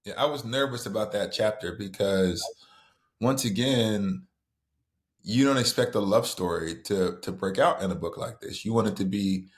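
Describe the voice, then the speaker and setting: A middle-aged man from the American South with a Southern accent, an author guest telling a story in conversation, lively and full of restarts. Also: fairly low pitch. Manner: animated, quick storytelling with many restarts.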